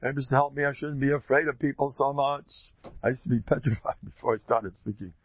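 A man's voice: medium pitch, fairly even intonation, fast talker, slightly rough, no echo, lo-fi sound. A man with a Yeshivish, Yiddish-peppered accent giving an informal religious talk, joking and acting out little dialogues. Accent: Yeshivish English, Yiddish-peppered. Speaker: speaker giving a Torah talk.

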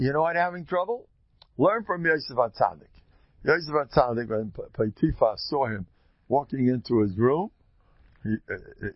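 A man with a Yeshivish, Yiddish-flavored accent gives an informal religious talk, full of jokes and little acted-out exchanges. His voice sits in a middle pitch and leaps high when he stresses a point. The recording is dry and slightly dull. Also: gravelly, no echo. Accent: Yeshivish English, Yiddish-peppered. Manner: animated, joking, acts out little dialogues. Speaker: speaker giving a Torah talk.

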